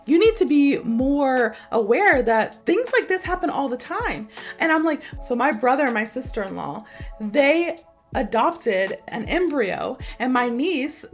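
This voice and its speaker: Animated American woman teaching English. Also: fairly high pitch. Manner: animated, emphatic, repeats herself for stress. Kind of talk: telling a personal story to teach an idiom.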